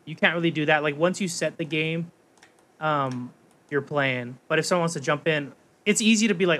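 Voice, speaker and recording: A man's voice: on the high side, moderate pace. A man with a Hawaiian accent on a podcast, rambling eagerly with many "like"s and "um"s. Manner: rambling, lots of "like" and "um", animated storytelling. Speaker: podcast co-host. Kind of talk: casual chat.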